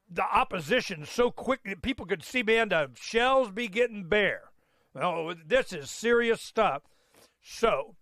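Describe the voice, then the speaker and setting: A man's voice: high-pitched, bright, forceful tone, no echo, clean studio sound. A man hosting a talk show, chatting in a loose, folksy way with lots of fillers and restarts. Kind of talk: casual rambling chat.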